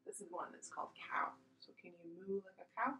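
A young woman teaching a gentle, playful yoga class to preschool children, coaxing them along as she guides each pose. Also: medium pitch, fast. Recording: echoey room with faint music.

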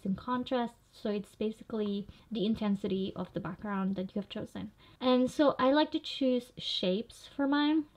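Young woman chatting through a tutorial. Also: mid-range voice. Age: young adult. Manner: chatty, walks through each click. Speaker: vlogger. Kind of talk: screen tutorial. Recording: slightly dull lo-fi audio.

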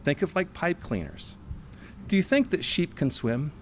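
A man preaching in a church hall, leaning hard on single words and slowing down for the key phrases. His voice sits a little high and moves a lot in pitch. A faint hum of the room runs underneath. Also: very animated. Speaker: sermonette speaker. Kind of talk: sermon.

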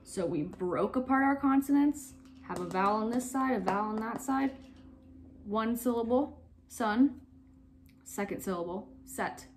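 Young female teacher, patient step-by-step phonics instruction, faint hiss on the recording. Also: fairly high pitch. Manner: slow, clear step-by-step instructions with pauses. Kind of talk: online phonics lesson for young children.

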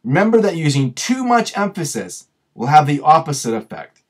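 Husky man explaining patiently. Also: fairly high pitch, sing-song. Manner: patient, explains with examples, slows down to stress words. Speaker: grammar and communications video host. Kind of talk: explanatory tutorial talk.

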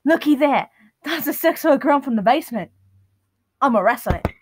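A man's voice: extremely high pitch, animated, moderate pace, no room sound, clean studio sound. A woman putting on the voice of an eager, fearless male wildlife documentarian in a casual vlog. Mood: excited.

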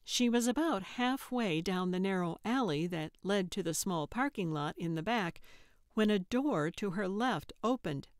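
Measured, unhurried woman narrator. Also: medium pitch, no room sound, studio quality. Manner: steady and measured. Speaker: audiobook narrator. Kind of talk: scripted narration.

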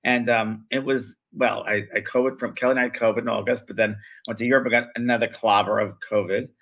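Brief: older male co-host, rambling conversational delivery, gravelly and slightly husky tone. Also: lowish voice, fairly even intonation, quick pace, fairly bright tone, poor audio. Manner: rambling, with many fillers and restarts. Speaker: co-host, spiritual medium. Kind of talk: casual conversational storytelling.

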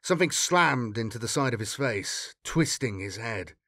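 A man's voice: medium pitch, animated, sharp tone, no room sound, clean studio sound. Man reading a grim sci-fi story. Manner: measured, dramatic storytelling. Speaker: audiobook reader.

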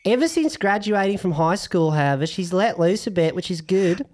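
A man's voice: sits high, lively intonation, normal speed. A man doing a put-on Australian young woman. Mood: chatty. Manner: reading a letter aloud in a mock accent.

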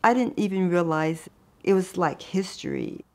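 An older woman photographer telling her life story in a thoughtful, unhurried way. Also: on the low side. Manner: thoughtful, unhurried, with soft laughs. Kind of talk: reflective personal storytelling.

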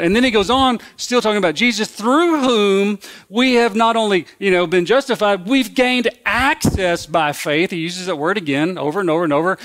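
A man's voice: sits high, expressive, measured pace, fairly bright tone. A man preaching a sermon as pastor, in a conversational, folksy way that repeats and restarts phrases.

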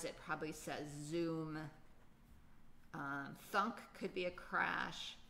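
A woman's voice: lowish voice, pushed and bright, slight background noise. A woman teaching a children's poetry lesson, patiently thinking aloud with many fillers. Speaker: writing teacher.

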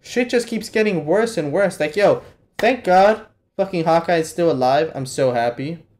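A man hosting a live anime reaction, talking casually and profanely, with sudden loud exclamations at what he sees. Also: a little high, expressive, moderate pace. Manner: casual slangy talk to the viewer. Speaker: reaction channel host.

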